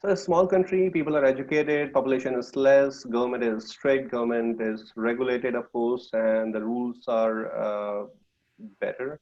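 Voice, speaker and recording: Guest speaker: man, North Indian English accent, middle pitch, halting delivery full of fillers, muffled lo-fi sound. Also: steady tone, a little mellow. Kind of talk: casual talk in an online session. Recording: dull lo-fi audio.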